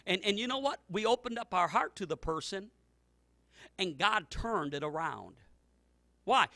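A male pastor delivers a sermon in a high, piercingly bright voice. He drifts through loose asides, then builds to fervent, near-shouted retellings of scripture. The sound is close and dry. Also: no room sound. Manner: loose, rambling asides with repeated words.

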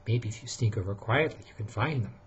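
A man voicing a kindly mother bear who likes a joke, speaking gently and slyly. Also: fairly low pitch, fast talker, dull audio, a little hiss or hum, lightly acted.

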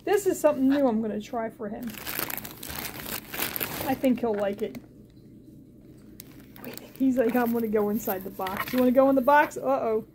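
A woman with a high voice unpacks new things for her pet bird at home. She coos at the bird in a sing-song baby-talk tone, then turns back to the viewers with calmer explanations. Faint household noise sits under her voice. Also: moderate pace, pauses often. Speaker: pet bird owner filming her parrot. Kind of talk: casual home vlog.

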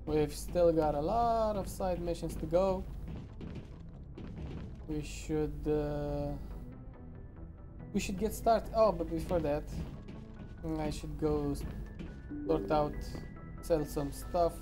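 A woman's voice: deep voice, takes it slowly, long pauses, music in the background. A woman giving casual, giggly, self-mocking let's-play commentary. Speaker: gaming commentator.

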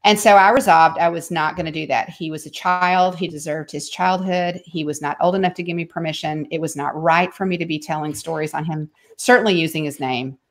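A middle-aged woman telling an earnest personal story in an interview, her voice dropping hushed in tender moments. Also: low voice, steady tone, a little fast, hardly any pauses. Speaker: speaker and author on homeschooling.

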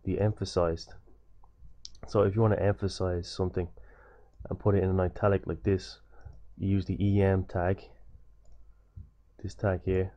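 Low-voiced casual coding tutor, a man. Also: highs cut off. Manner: loose and repetitive, many fillers and restarts.

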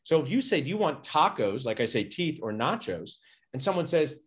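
Excited middle-aged dentist guy, acts out all the quotes, voice jumps all over. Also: moderate pace. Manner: energetic, acts out quotes with big pitch jumps. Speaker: dentist and podcast guest. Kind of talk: animated storytelling conversation.

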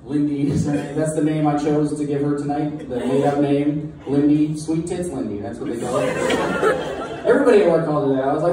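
A young man doing a halting, self-deprecating stand-up set in a bar taproom. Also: a little high. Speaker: stand-up comedian. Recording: echoey distant room mic with crowd noise.

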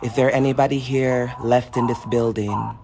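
A man's voice: mid-range voice, level tone, normal speed, vocal fry, noisy background. A man with a lisp, chatting to his viewers while exploring an abandoned building outdoors. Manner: chatty, addresses viewers directly, nervous asides. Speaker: paranormal vlogger. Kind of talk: casual livestream talk to viewers.

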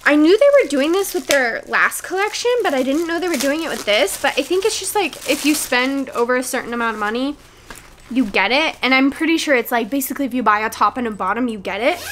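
Young midwest woman gushing over a haul, high voice, lots of likes and ums. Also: expressive, quick pace, a bit bright, a little hiss or hum. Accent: American Midwest. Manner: bubbly and enthusiastic, many fillers. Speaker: vlogger. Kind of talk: casual product review vlog.

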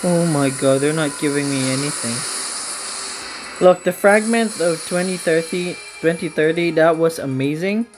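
A woman's voice: deep voice, moderate pace, music in the background, low-quality recording. A woman hosting a gaming video, giving casual commentary on her game pulls in an anxious, pleading, dramatic way.

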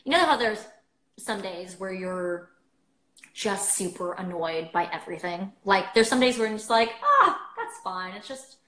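Chatting casually on a phone livestream, a bubbly young host leans heavily on filler words. She speaks in a mid-range voice at normal speed, with roomy echo in the recording.

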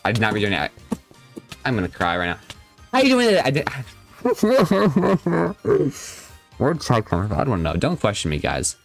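A man's voice: fairly low pitch, big pitch swings, fast, a bit bright, faint music behind. A young man live-streaming a game, chatting casually and joking as he reads and answers his viewers' chat.

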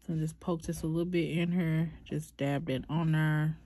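A young woman chatting through a nail tutorial, talking to viewers as "y'all" in a relaxed, chatty way. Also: deep voice, normal speed, no echo. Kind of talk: casual tutorial chat.

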